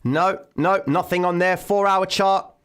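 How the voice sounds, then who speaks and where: A man hosting a live trading stream from home, commenting excitedly on the market and calling his viewers ladies and gentlemen. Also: high-pitched, measured pace, smooth. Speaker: trading livestream host. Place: home room, daughter present. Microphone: desk microphone.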